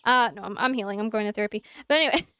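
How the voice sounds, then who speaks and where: A woman's voice: on the high side, rapid-fire, smooth, no room sound, studio quality. A young adult woman streamer chatting casually and animatedly, answering her chat while she plays. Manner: animated, talks through examples, answers chat.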